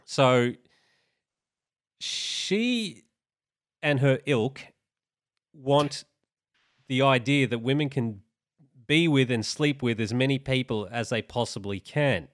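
An easygoing man co-hosting a podcast, introducing topics with plenty of ums and uhs. His voice is mid-pitched. The recording is dry and close to the mic. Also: measured pace, no room sound. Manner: easygoing, sets up topics with fillers. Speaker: podcast co-host. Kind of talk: casual opinion chat.

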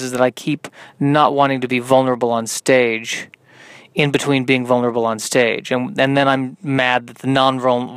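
Man, tired, comedian, podcast host, rambling, halting, self-deprecating, smooth resonant voice, dry sound. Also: mid-range voice, fairly bright tone, dry recording. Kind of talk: rambling solo podcast monologue.

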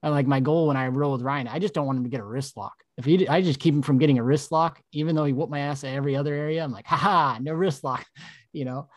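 A man's voice: medium pitch, steady tone, quick pace, a little mellow, no room sound. Laid-back man musing on a podcast. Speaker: podcast co-host and mindset coach. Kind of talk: casual podcast chat.

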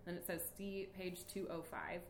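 A woman's voice: lowish voice, level tone, moderate pace, echoey room, a little hiss or hum. A woman hosting a podcast in casual chat, laughing often and reading passages aloud. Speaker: podcast host.

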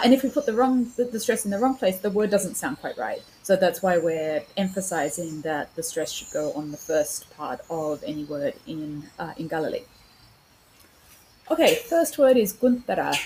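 A woman's voice: on the low side, darkish tone, slight background noise, poor audio. A woman hosting a podcast, explaining word stress and pronunciation in a casual spoken lesson, with frequent fillers and self-corrections. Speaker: podcast host teaching pronunciation.

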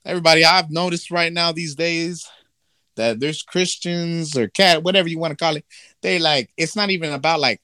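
A man's voice: fairly high pitch, moderate pace, clean tone, no echo, clean studio sound. A man telling a story in casual comedic chat, acting out characters' voices, swearing freely. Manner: animated storytelling, acts out voices, profane.

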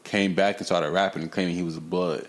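A young man hosting a casual podcast, telling stories in lively slang and breaking into rap lines. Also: low voice, fast. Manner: animated, slangy storytelling with bursts of rapping. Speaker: podcast host.

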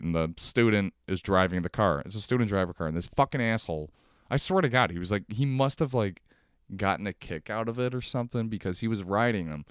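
A man's voice: lowish voice, clear, resonant tone, no room sound, clean studio sound. A young man hosting a solo comedic podcast from his couch, ranting sarcastically and swearing often. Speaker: podcast host. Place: at home on a couch.

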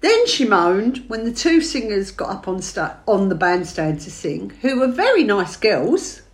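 A middle-aged woman from England chats and tells a family story, laughing often. Her pitch swings widely in a lively way. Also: a little slow. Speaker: podcast host. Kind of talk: casual chat.

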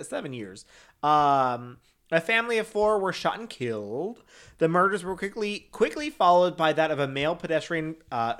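A man's voice: high-pitched, fairly bright tone. A man co-hosting a casual true-crime podcast, laughing often, swearing and using sassy slang. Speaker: podcast co-host.

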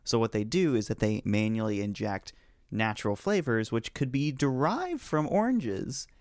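A man's voice: medium pitch, animated, normal speed, a little mellow, no room sound. Male co-host, matter-of-fact explainer with a teasing streak, dry close sound. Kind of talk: casual chat.

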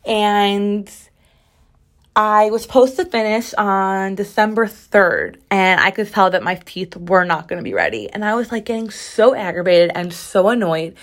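A woman's voice: mid-range voice, animated, measured pace. A woman in her twenties hosting a casual solo podcast, chatty and sassy, with many "like" fillers. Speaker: podcast host.

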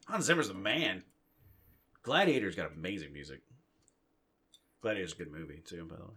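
Ranting, profane man with a low voice. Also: expressive, normal speed, sharp tone, slightly rough. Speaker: podcast co-host. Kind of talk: casual chat.

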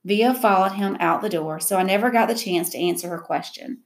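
Audiobook narrator, woman, reflective first-person reading, gravelly tone. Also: mid-range voice, a little fast, few pauses.

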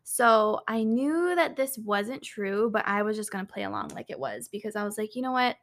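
Her voice sits in the middle range, with lively intonation and an ordinary speed. Co-hosting a podcast, she chats her way through a story loaded with fillers like "like" and "um," cursing freely as she goes.

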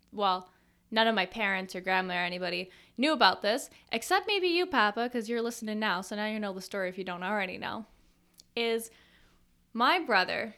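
Young woman, podcast host, casual storytelling, chatty with lots of fillers, bright voice, slightly high pitch.

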